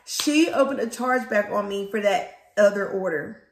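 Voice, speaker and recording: A woman who runs a small business, from Louisiana, telling viewers a storytime in a casual, animated way and calling them guys and y'all. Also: mid-range voice, moderate pace, a little hiss or hum. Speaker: small business owner vlogger. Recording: echoey room.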